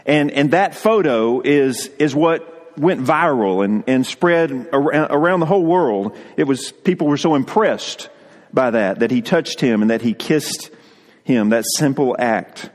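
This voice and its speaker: A man's voice: medium pitch, expressive, measured pace, in a large hall. A male pastor preaching a sermon in an earnest way, often repeating words as he goes.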